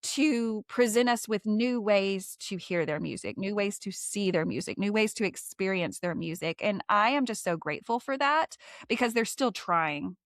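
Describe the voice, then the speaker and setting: A woman's voice: medium pitch, expressive, moderate pace, few pauses, dry recording, clean studio sound. A woman hosting a podcast, chatting casually and effusively with guests, often repeating phrases for emphasis. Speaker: podcast host. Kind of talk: casual interview chat.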